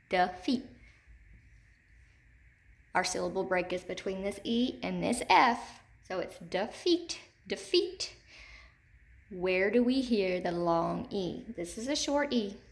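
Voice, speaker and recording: A woman teacher giving a recorded phonics lesson to children. She speaks slowly and clearly and says each word several times. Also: medium pitch.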